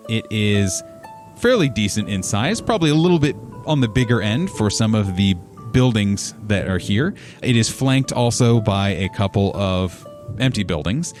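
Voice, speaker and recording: A man running a tabletop game as game master, describing scenes in a relaxed, rambling way with frequent fillers. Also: fairly low pitch.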